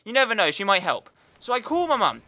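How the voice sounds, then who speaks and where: A man's voice: high-pitched, huge pitch swings, fast, sharp tone. A young British man telling a rambling story in a casual gaming vlog, full of fillers. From United Kingdom. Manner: chatty, rambling, lots of fillers. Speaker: gaming YouTuber. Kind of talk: casual storytelling over gameplay.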